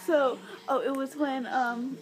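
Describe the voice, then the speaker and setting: A young woman chatting in a rambling, giggly, excitable way as she vlogs on her phone while walking through stores. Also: sits high, takes it slowly, poor audio. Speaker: vlogger. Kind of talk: casual vlog chat. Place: inside stores and a mall. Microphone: phone held while filming.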